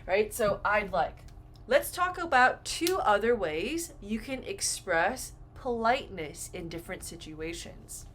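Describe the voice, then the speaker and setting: Woman English teacher, slow and animated, acts out examples; faint room noise. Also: mid-range voice. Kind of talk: grammar lesson.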